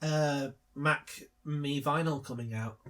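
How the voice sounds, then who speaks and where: A man co-hosts a laid-back film commentary, his voice sitting a little higher than usual. He tosses out dry, sarcastic jokes and breaks into laughter often. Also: slow pace, fairly bright tone. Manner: sarcastic, joking riffs with frequent laughter. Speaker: co-host.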